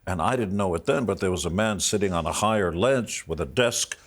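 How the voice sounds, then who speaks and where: Older male interview guest, low husky voice, halting and moved as he recounts. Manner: halting, emotional retelling with pauses and restarts. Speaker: interview guest, rock musician. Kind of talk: storytelling interview answers.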